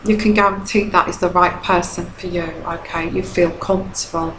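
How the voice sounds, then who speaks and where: A woman's voice: on the low side, steady tone, moderate pace. Woman, tarot reader, chatty advice talk, keeps repeating herself, roomy echo, faint background hum. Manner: chatty, repeats herself, frequent "okay?" checks. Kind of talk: casual advice monologue. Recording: echoey room.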